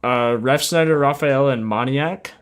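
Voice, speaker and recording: A man with a medium-pitched voice and a measured pace hosts a sports betting livestream in casual chat. Laid-back and slangy, he's sleepy from just waking up as he reads stats aloud and answers chat.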